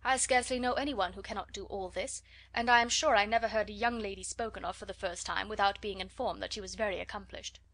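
Woman reading as a genial young gentleman, cheerful, open, storybook. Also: mid-range voice, fairly even intonation, fast.

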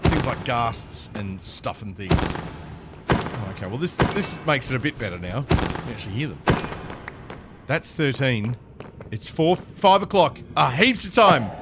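A man giving live gameplay commentary, excitable and talking to himself, often yelping and laughing. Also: medium pitch, very noisy. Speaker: Minecraft streamer.

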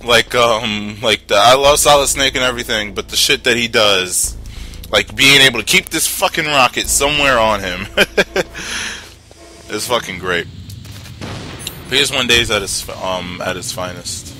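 A young man giving excitable, profane commentary while playing a video game, talking back to the characters on screen. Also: mid-range voice, measured pace. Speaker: gameplay commentator. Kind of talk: let's-play commentary. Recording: game music behind voice.

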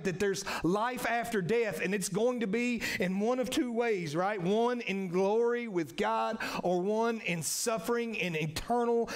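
Earnest high-pitched gravelly male preacher. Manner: earnest, repetitive, frequent "right?" tag questions. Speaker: pastor. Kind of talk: sermon. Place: church sanctuary.

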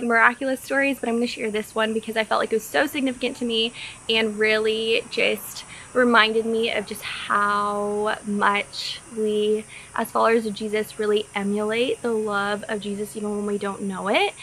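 Bright-voiced bubbly young woman from Texas. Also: a little high. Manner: bubbly, earnest, lots of "like" fillers. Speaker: vlogger. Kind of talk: casual storytelling.

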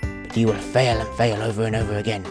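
A man's voice: fairly low pitch, level tone, fast, music in the background, lightly acted. A man voicing a boastful mock martial-arts master who taunts with mock solemnity. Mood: taunting. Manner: scornful, mocking, declares things with mock solemnity.

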